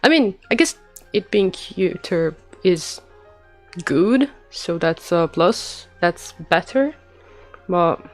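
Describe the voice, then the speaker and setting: A woman's voice: lowish voice, expressive, takes it slowly, faint music behind. A young woman chatting casually while streaming a game, giggly and rambling with self-deprecating asides.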